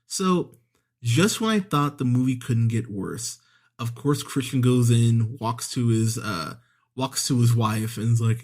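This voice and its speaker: A man's voice: mid-range voice, a little slow, a little mellow. Profane, sarcastic male movie reviewer. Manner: profane, sarcastic, exasperated, mocking impressions. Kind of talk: ranting casual movie review.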